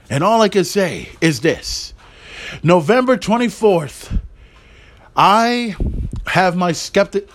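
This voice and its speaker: Hyped up guy on a solo podcast, high voice jumping all over, swears a lot, yells on the big bits. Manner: hyped, swears freely, shouts on big moments. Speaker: podcast host. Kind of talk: excited wrestling recap podcast.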